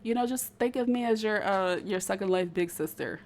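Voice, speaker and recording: A woman's voice: medium pitch, fairly quick, a little mellow. A young woman with a speech impediment, chatting casually to her viewers as a YouTuber. She rambles and stutters with frequent restarts.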